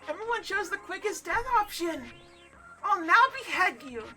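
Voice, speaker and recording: A woman's voice: very high-pitched, expressive, normal speed, pushed and bright, soft background music, exaggerated voice. A woman voicing a cruel, cheerful young woman who runs a show trial, reading game dialogue aloud in a mocking, theatrical way. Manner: mocking, theatrical, coolly sadistic.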